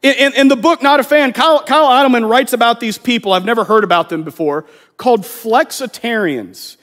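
A man's voice: very high-pitched, a little fast, fairly bright tone. A man preaching a sermon in a conversational way, acting out the voices of people he quotes. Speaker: pastor.

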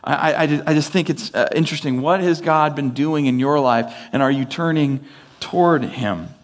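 A pastor giving a sermon, telling stories in a loose, conversational way with filler words and restarts. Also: male voice, fairly high pitch, moderate pace.

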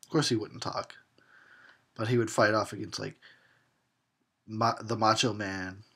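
A man's voice: lowish voice, steady tone, unhurried, a bit bright, slightly rough. A man giving a tipsy, sarcastic commentary on a horror film, laughing and swearing as he goes. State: tipsy from drinking.

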